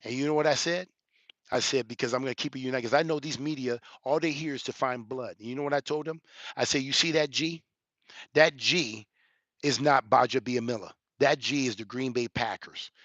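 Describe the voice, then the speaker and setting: A man in his forties, an elder, telling a personal story with emphatic rhetorical questions and building toward near shouting. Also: medium pitch, fairly quick, no echo, highs cut off. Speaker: elder giving a reaction commentary. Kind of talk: animated personal storytelling commentary.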